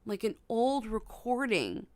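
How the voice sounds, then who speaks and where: A young woman hosting a casual livestream from her bedroom at night, startled, sometimes hushed and humming melodies high. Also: sing-song, slow, no room sound. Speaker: livestream host.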